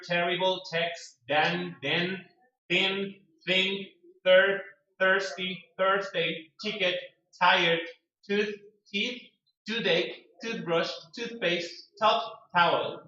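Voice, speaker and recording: A man's voice: sits high, flat delivery, slow pace, sharp tone. A man teaching an English vocabulary lesson in a classroom, reading word lists aloud and explaining words with acted examples. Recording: distant echoey classroom, dull lo-fi sound.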